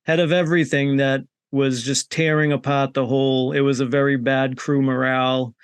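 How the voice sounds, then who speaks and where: Co-host man, relaxed and supportive, smooth clear voice, dry close sound. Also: medium pitch, normal speed, no room sound. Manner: relaxed, filler-heavy, supportive. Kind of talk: casual chat.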